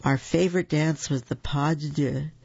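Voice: mid-range voice, steady tone, normal speed, gravelly, a little mellow, breathy edge. A storyteller voicing a jolly, hearty father pig in a near-natural voice, on a dull lo-fi recording.

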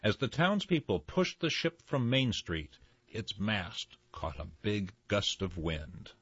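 A man reading a tall tale aloud as storyteller, in a lively, folksy way. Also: lowish voice, slow, breathy edge, no room sound, highs cut off.

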